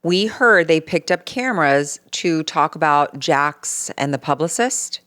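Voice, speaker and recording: Low-voiced woman podcast host, dry sound. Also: animated, measured pace, fairly bright tone, no room sound. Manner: candid, swearing storyteller. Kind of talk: casual chat.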